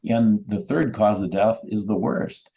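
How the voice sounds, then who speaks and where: Gravelly, deep-toned middle-aged man. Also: steady tone, unhurried, dark tone, low-quality recording. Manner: methodical, lists times and doses; earnest, insistent. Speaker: guest, bereaved father. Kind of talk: radio interview testimony.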